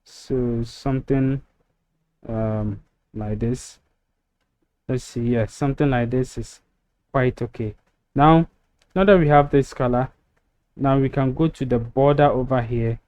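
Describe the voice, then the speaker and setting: Mellow-voiced man talking through a tutorial. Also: medium pitch, steady tone, measured pace. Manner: step-by-step, filler-heavy with frequent ums. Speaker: web design tutor. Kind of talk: screen-recorded software tutorial. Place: voice-over to a screen recording.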